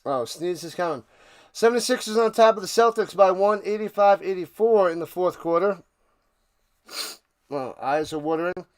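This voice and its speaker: A man hosting a live stream, giving casual play-by-play commentary that bursts into excited shouted calls. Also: high-pitched, normal speed.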